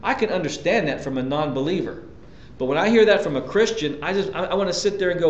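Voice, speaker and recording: A man preaching a sermon as pastor, emphatic, repeating key lines and jumping up in pitch to drive points home. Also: expressive, fast, a little hiss or hum. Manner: emphatic preaching, sudden pitch jumps and repetitions. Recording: echoey church room, dull lo-fi sound.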